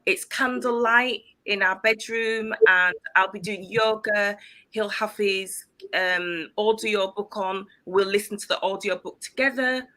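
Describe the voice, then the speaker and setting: A middle-aged woman from Leeds, speaking as a guest in a casual interview, calm and reflective, with light giggles. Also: medium pitch, a little slow. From Leeds, West Yorkshire, England.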